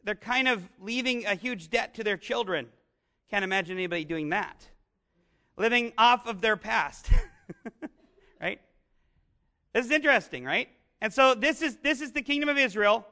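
A man gives a sermon in a high, clear voice that sounds bright and forward. He keeps it conversational, asks the congregation questions and slips in dry jokes between points. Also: expressive, moderate pace, pauses often. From northern United States. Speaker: pastor.

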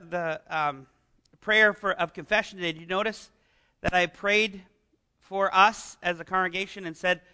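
High, bright-voiced man preaching a sermon. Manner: animated, conversational preaching with rhetorical questions. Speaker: pastor.

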